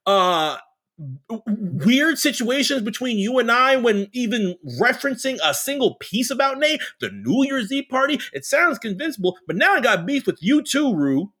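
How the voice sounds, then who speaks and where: A man co-hosting a casual TV recap podcast, talking animatedly and breaking into loud put-on character voices. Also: very high-pitched, very animated, moderate pace. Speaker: podcast co-host.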